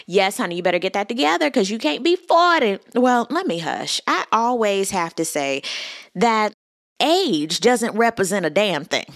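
A young woman giving a sassy, animated casual recap at her computer, calling listeners honey and child. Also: mid-range voice, moderate pace, no echo, clean studio sound. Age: young adult. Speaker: reality TV recap podcaster. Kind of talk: casual commentary monologue.

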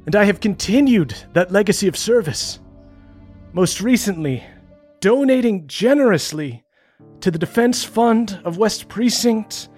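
A woman's voice: mid-range voice, animated, unhurried, darkish tone, slightly rough, faint music behind, pitched above the performer's own voice. A woman voicing a pompous rich nobleman giving a grand, showy speech. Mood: grandiose.

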